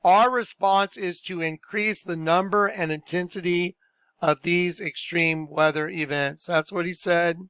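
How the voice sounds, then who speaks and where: A man's voice: high voice, fairly even intonation, unhurried, a bit bright, clean tone, dry recording. A man commenting on video clips in a casual, emphatic and scornful way.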